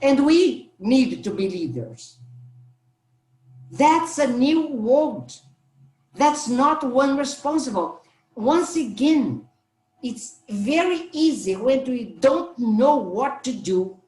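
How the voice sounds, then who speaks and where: Slow, earnest woman panelist. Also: sits high, expressive, a little mellow, reverberant. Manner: slow, earnest, halting with restarts. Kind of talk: panel discussion answer.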